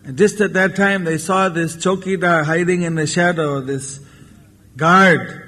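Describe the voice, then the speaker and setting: Slow-paced man telling a moral tale. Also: high voice, pushed and bright. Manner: unhurried storyteller who acts out the characters. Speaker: spiritual lecturer. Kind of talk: storytelling sermon. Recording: 1994 lecture tape with long hall reverb.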